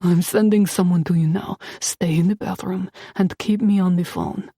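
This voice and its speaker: A woman voicing a protective man with a slight Russian accent, speaking low and steady to reassure someone over the phone. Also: moderate pace, breathy edge, no echo, studio quality. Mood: soothing.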